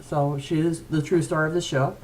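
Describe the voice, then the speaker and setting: A woman's voice: deep voice, fairly even intonation, moderate pace, darkish tone. A woman author chatting casually at home to viewers of her weekly video blog, with many hesitant fillers. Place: at home with her cat nearby.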